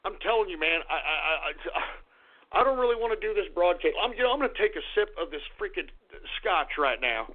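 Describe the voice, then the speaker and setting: A man hosting a radio show, ranting angrily, swearing and swinging between low grumbling and shouting. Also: sing-song, a little fast. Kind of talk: ranting call-in radio talk. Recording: tinny phone-like radio recording.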